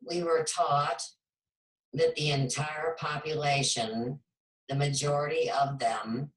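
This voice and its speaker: A woman hosting a spiritual talk show, speaking in a slow, measured, reflective way. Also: low-pitched, fairly even intonation. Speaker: host. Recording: echoey room, far from mic.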